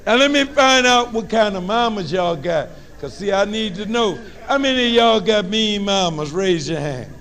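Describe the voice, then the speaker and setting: High-voiced New Orleans motivational speaker. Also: male voice, moderate pace, few pauses. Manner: lively, call-and-response, preacherly humor. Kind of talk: motivational talk to students. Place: high school assembly.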